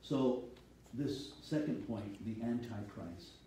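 A man's voice: lowish voice, takes it slowly, mellow, far from the mic, slight background noise. A man preaching a sermon as a pastor, teaching steadily and reading scripture aloud. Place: church sanctuary. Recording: echoey hall, voice from off-mic.

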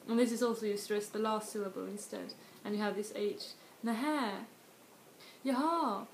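A woman teaches in a relaxed video lesson, pausing and restarting as she walks through examples. Her voice sits at an ordinary middle pitch. The room around her sounds echoey, with a faint hiss underneath. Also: vocal fry. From Sweden. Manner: explains slowly with many restarts and spoken example words. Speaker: language tutor.

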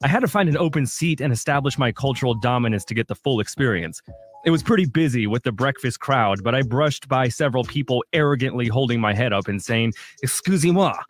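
Man, radio co-host, deadpan comic storytelling, mid pitch, studio. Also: fast talker. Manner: deadpan mock-pretentious storytelling. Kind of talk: reading a comedic review on morning radio.

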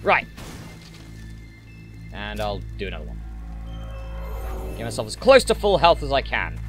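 Unhurried, with long pauses, a lowish male voice swings hugely in pitch as a gaming channel host jokes his way through his gameplay and talks at enemies. This home let's-play commentary, picked up on a noise-suppressed desktop mic, has soft music playing underneath.

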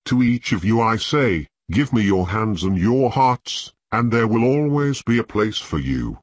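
A man's voice: on the low side, expressive, a little slow, no echo. Dany, a man voicing a resolute young queen. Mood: solemn.

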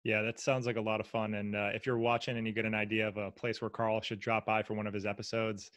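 A man hosting a casual interview, asking relaxed, easygoing questions. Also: lowish voice, quick pace. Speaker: interview host.

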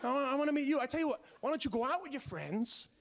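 Brash stand-up comedian, high voice. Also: male voice, racing, a faint crowd. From United States. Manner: brash, animated storytelling with sudden shouts. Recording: noisy live stage recording.

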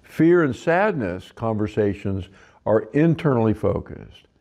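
A man's voice: lowish voice, big pitch swings, measured pace, gravelly, a little mellow. A man giving an instructional talk to facilitators, sometimes acting out what clients say in a livelier voice. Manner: acts out client quotes in a livelier voice. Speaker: trainer for facilitators.

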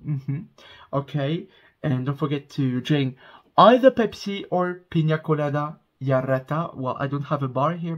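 A man talks to camera for his reaction channel, gushing and getting emotional over a song. His voice sits a little high for a man and has a husky, breathy grain. He speaks in a casual, chatty way, as if filming himself at home. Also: a bit bright, highs cut off. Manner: effusive, gushing and easily emotional. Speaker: music reaction vlogger. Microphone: headphones on, speaking to camera.

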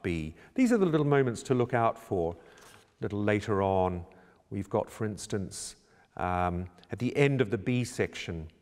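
A choir director talks through a score in a calm, measured, explanatory voice. His voice sits somewhat low. The recording has a long, lingering reverb. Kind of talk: instructional talk on score preparation. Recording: reverberant room with long echo.

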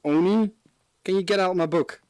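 A man's voice: high-pitched, moderate pace, a little mellow, slight background noise. A man streaming a horror game with friends, swearing a lot, laughing and panicking. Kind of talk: casual gameplay chat with friends.

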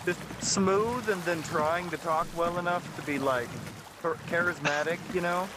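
A man's voice: fairly high pitch, normal speed. Easygoing teasing gamer guy, noisy mic. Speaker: gaming friend. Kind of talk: casual gaming chat.

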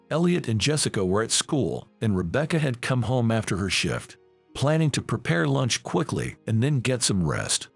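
A man narrating a scripted family story in a measured storytelling manner. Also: medium pitch, gravelly, slightly rough.

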